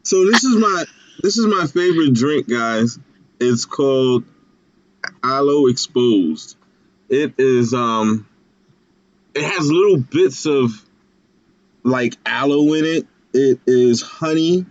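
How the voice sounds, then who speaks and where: Slow-talking man on a lo-fi stream. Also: mid-range voice, animated, no echo. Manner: rambling, many fillers and restarts. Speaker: co-host. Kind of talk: casual live-stream chat. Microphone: video call. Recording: dull lo-fi video call audio.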